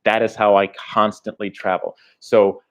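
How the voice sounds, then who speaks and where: Low-voiced American man chatting casually. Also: flat delivery, measured pace, smooth. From United States. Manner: rambling, chatty, restarts, laughs between thoughts. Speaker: travel vlogger. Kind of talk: casual livestream chat reading comments.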